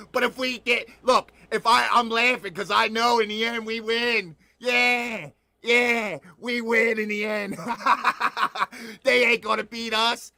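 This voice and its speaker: A man with a high, gravelly voice that sounds bright and sharp. He hosts his own online news show, breaking into laughter again and again and repeating phrases for effect. The mic is close and dry, with no room sound. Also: no room sound. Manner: laughs a lot, drawls and repeats himself, dramatic. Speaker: host of an online news channel. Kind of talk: excited livestream monologue.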